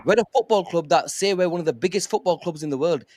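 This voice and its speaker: Man, fan panelist, heated podcast rant, high voice, dry close mic. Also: fast talker, darkish tone, dry recording. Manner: angry, emphatic, swears.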